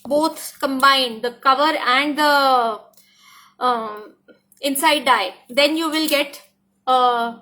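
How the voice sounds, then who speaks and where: A woman's voice: high-pitched, pushed and bright. A woman with an Indian English accent, a craft die designer giving an enthusiastic product demonstration, often repeating herself and slipping into Hindi. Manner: enthusiastic, repeats "look at this", code-switches to Hindi.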